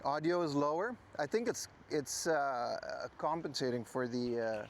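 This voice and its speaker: A man hosts an outdoor livestream by the sea, with his voice sitting a little high. He chats to viewers in a relaxed way while sorting out a mic clipped to his hat. A faint wind noise runs under his voice. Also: a little slow. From Netherlands. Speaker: livestream host. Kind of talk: casual IRL livestream talk. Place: outdoors by the ocean. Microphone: clip mic on his hat.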